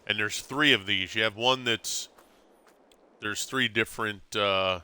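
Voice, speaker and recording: A middle-aged man chatting casually on a gameplay stream, telling stories in a lively way. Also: on the low side, a little slow, clean tone. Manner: animated storyteller, acts out quotes with laughs.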